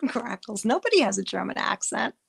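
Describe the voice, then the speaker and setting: A middle-aged woman talks to her livestream viewers in a loose, rambling way. Her words often stop and start again. Her speech is unhurried, with a gravelly edge to her voice. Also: fairly high pitch. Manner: chatty, rambling, frequent restarts. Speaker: livestream host. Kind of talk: casual livestream chat with chat readers.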